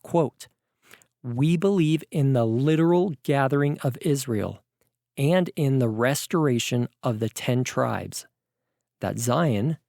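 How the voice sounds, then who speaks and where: A man's voice: medium pitch, slow, creaky, a little mellow, no room sound, clean studio sound. A man giving a vlog sermon, explaining in an earnest, teaching way. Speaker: preacher.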